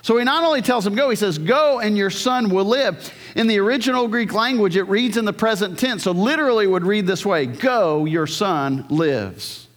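A man's voice: sits high, fairly quick, a bit bright. A man preaching an earnest sermon, often putting questions to the congregation and restarting his sentences. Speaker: pastor. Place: church hall. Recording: long hall reverb.

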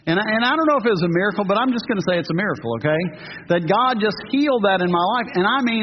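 Pastor, man, 50s: high voice, earnest sermon with emphatic peaks, dull church-hall recording. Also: a little hiss or hum. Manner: earnest, rising to emphatic peaks, joking asides. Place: church sanctuary. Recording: dull audio with long hall reverb.

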